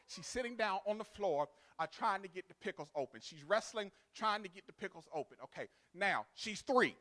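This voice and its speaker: High-voiced man. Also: expressive, brisk, few pauses. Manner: builds to loud, sung preaching cadence, then drops to quiet storytelling. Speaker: pastor. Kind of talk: sermon.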